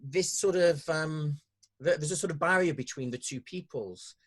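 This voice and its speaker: A man with a northern English accent hosting an interview podcast, talking in a hesitant way with many pauses and restarts. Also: on the high side, breathy edge. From northern England. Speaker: podcast host. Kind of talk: conversational interview.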